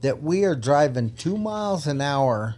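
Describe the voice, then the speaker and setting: A man's voice: fairly high pitch, very animated, a little slow, a little mellow. Blunt older man telling cop stories. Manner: blunt, laughing, emphatic. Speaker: retired police officer guest. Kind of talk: casual storytelling.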